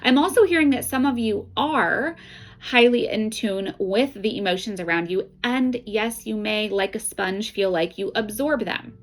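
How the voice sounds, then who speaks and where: A middle-aged woman speaks as an intuitive card reader, giving casual spiritual guidance straight to the viewer. Her pitch sits in an ordinary middle range for a woman. She talks earnestly and conversationally, often checking in with "right?" and "okay?". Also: a little slow, rough recording.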